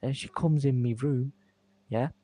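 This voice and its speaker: A man's voice: medium pitch, fairly even intonation, unhurried, dark tone, dry recording. A man telling a crude, swaggering tall tale and checking in with "yeah?" and "right?". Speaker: stranger on a video chat.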